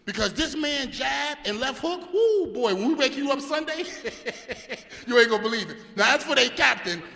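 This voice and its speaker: A brash man throws taunts at a press conference. His voice sits very high, with a bright, gravelly edge. It rings through a reverberant hall. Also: animated, moderate pace. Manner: brash, repetitive taunting, loud. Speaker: boxing team captain. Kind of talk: press conference trash talk.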